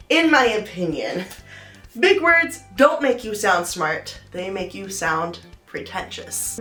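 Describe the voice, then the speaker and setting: A young adult woman giving her opinions in a casual vlog, animated and playful, with sarcastic asides. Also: a little high. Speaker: vlogger. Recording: echoey room.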